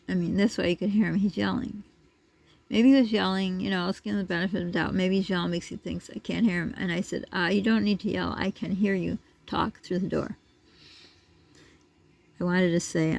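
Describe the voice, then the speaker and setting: Very gravelly woman rambling through a story. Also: mid-range voice, darkish tone, no room sound. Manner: rambling, digressive, with many asides. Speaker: vlogger. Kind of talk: casual storytelling vlog.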